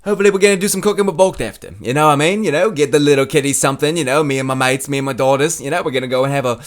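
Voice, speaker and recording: Dude doing chill aussie fighter, rambly and friendly. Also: male voice, fairly high pitch, very fast, close to an everyday voice. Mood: easygoing. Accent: attempted Australian.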